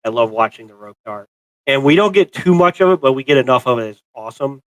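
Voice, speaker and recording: A man's voice: mid-range voice, lively intonation, fast, a bit bright, no room sound, poor audio. A man co-hosting a casual movie review chat, rambling with many fillers and restarts. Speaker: co-host of a pop culture show.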